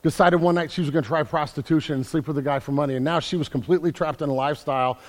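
Impassioned preacher in a reverberant hall. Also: male voice, a little high, steady tone, very fast. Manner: impassioned, rising to loud emphatic preaching. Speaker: pastor. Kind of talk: sermon.

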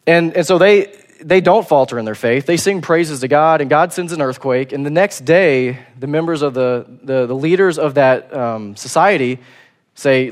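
A man preaching a sermon in a casual, conversational way, acting out quotes in a relaxed voice. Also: a little high, normal speed.

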